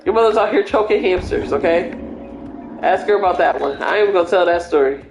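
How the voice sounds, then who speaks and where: A woman's voice: fairly low pitch, quick pace, creaky, muffled recording. A young woman chatting casually as a livestreamer, rambling through stories with lots of fillers. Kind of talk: casual chat. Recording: roomy echo with faint music.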